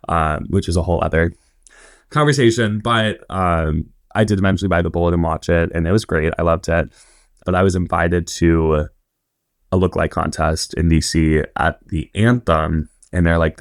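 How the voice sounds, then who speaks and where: Low gravelly young man telling stories. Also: fairly even intonation, moderate pace, no echo, studio quality. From Indiana. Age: 20s. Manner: chatty, rambling with many fillers and quoted asides. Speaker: podcast guest. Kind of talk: casual interview storytelling.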